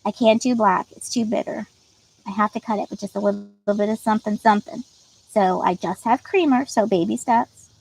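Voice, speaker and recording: A livestream host with a mid-range, steady, slightly mellow voice and some vocal fry talks fairly quickly. She's giggly and chatty, reading viewer comments aloud and teasing them playfully. The recording quality is low.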